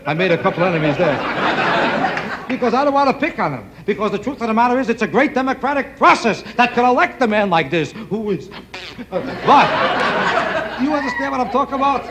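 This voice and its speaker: An extremely high-pitched, animated man talks a little fast over a noisy crowd while doing rambling stand-up on a TV studio stage. He pokes fun at the audience between jokes as loud laughter and noise fill the room.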